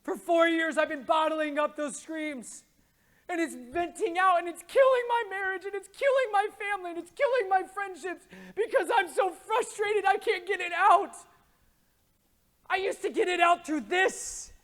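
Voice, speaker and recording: High-voiced man preaching with passion. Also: moderate pace. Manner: swings from hushed asides to shouted pleas; casual slang mixed with preaching. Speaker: conference speaker. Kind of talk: impassioned religious talk. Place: conference stage.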